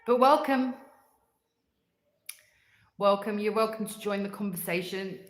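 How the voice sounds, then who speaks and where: With a medium-pitched voice and a measured pace, an Australian woman runs a casual livestream, chatting with her live chat and going on about sweets with frequent "like" fillers. She's congested and clears her throat often, and the audio is reverberant.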